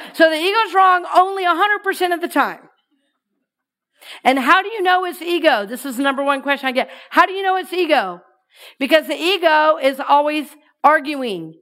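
A woman minister with a high-sitting voice preaches to her congregation. She's lively and playful, inviting listeners to repeat her lines back to her.

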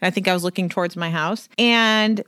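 A young adult woman co-hosting a podcast, telling an animated story in casual chat and swearing freely. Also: fairly low pitch, a little fast, clean tone, dry recording, studio quality. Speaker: podcast co-host.

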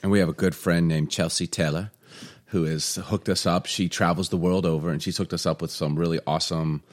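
A man's voice: deep voice, steady tone, fairly quick. A man in his forties co-hosting a casual chat show with his wife, telling stories in a joking, self-deprecating way. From United States. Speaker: podcast co-host.

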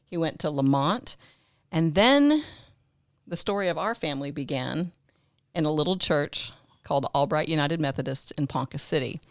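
Low-voiced woman co-host. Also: expressive, normal speed, no echo, clean studio sound. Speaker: podcast co-host, daughter of the guest. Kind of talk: casual conversational hosting.

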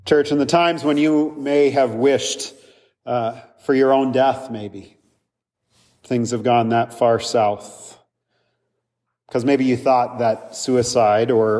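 A man preaches a sermon in a church, his voice sitting at an ordinary middle pitch. He speaks earnestly but casually, often turning to the congregation with little asides. A long reverb trails after his words. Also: darkish tone. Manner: earnest, conversational preaching with frequent "right?" asides. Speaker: pastor.

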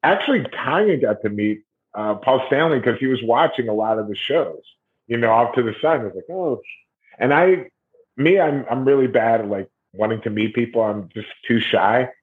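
A man's voice: mid-range voice, expressive, normal speed. A man from Ohio, a guest musician, telling stories in a loose, rambling way during a casual interview. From Ohio, USA. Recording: tinny phone-like line.

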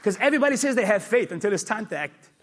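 A male pastor preaching a sermon, emphatic and repetitive, with sudden loud peaks. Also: high voice, animated, racing, a faint crowd, a little hiss or hum.

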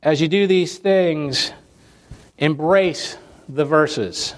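A man's voice: fairly high pitch, very slow, a little hiss or hum. A man preaching a sermon to his congregation in an earnest, emphatic way, stacking phrases in lists and repeating them for weight. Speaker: pastor.

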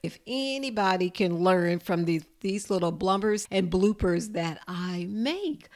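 A woman caregiver telling a personal story to an audience in a lively, expressive way. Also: fairly low pitch, unhurried. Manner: expressive, lively storyteller who builds to laughter. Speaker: home caregiver.

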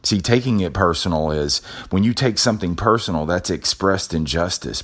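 A man with an extremely low, booming-deep voice delivers a motivational talk as a show host. He leans on repetition and builds an emphatic, preacher-like cadence. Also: animated, normal speed, a bit bright. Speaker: podcast host.

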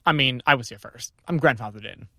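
A man co-hosting an improvised comedy podcast, reading and answering in a deadpan, matter-of-fact way. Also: medium pitch, a little fast, dry recording, clean studio sound. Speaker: podcast co-host.

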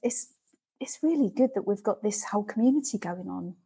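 A woman's voice: mid-range voice, lively intonation, brisk, warm tone, slightly rough. A woman hosting a podcast interview, chatty and encouraging, often speaking straight to listeners. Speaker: podcast host and running club organiser. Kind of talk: casual interview.

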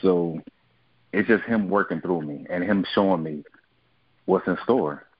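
Man, deep husky voice, earnest halting testimony, muffled dry phone line. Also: no room sound. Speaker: guest giving a testimony. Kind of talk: personal testimony on a prayer line.

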